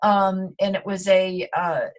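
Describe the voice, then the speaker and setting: A woman's voice: medium pitch, flat delivery, slow. A middle-aged woman, a guest in an interview, telling her story in an earnest, reflective way with many fillers.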